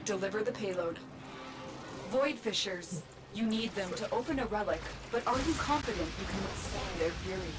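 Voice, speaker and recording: A woman voicing a calm, commanding female mission guide in a game, giving cool, even briefings. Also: mid-range voice, moderate pace, over loud music, close to an everyday voice.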